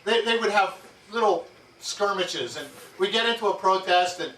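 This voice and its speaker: Man telling lively stories to a room. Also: high-pitched, moderate pace. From New Jersey. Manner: lively, jokey anecdotes with frequent laughs. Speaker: keynote speaker. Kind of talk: storytelling speech to an audience. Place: yacht club event room. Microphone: far amateur camera. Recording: roomy, distant, noisy amateur tape.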